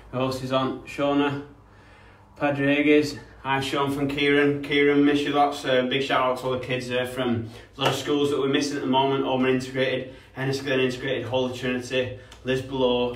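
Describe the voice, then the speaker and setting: A man's voice: mid-range voice, a little hiss or hum. A young man running an online PE lesson for kids, upbeat and encouraging, greeting viewers by name. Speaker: kids' PE coach. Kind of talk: live-streamed PE lesson with shout-outs. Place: home room, streamed online. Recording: echoey room, voice from a distance.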